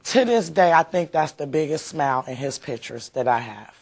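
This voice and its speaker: A woman's voice: low-pitched, expressive, normal speed. A woman, a mother being interviewed, talking heartfelt and rambling with many fillers. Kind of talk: emotional interview recollection.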